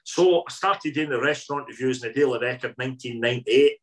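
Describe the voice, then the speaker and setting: A Scottish man with a voice in the middle of the usual pitch range spins casual anecdotes as an interview guest. He is lively and repeats words for emphasis. He sounds like a man in his fifties chatting freely. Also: quick pace, poor audio. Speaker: interview guest, food columnist.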